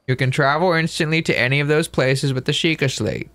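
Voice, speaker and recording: A man reading an elderly monk's game lines aloud in a slightly lowered voice. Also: brisk, fairly bright tone. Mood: sage. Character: elderly male monk, slow and knowing.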